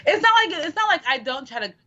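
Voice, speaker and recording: A woman's voice: high-pitched, very animated, brisk, bright, forceful tone, muffled recording. Candid chatty woman co-hosting radio. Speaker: radio show co-host. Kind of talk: casual talk radio chat.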